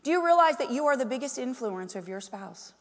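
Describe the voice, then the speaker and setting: A woman preaching a sermon, animated and full of questions to the congregation. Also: high-pitched, fast, in a large hall. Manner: animated, asks the crowd many questions. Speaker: pastor's wife preaching.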